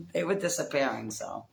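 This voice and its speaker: A woman's voice: a bass voice, gravelly, low-quality recording. A middle-aged woman from the United States, telling stories in a casual vlog in a rambling, profane way and laughing often. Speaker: vlogger. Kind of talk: casual storytelling chat.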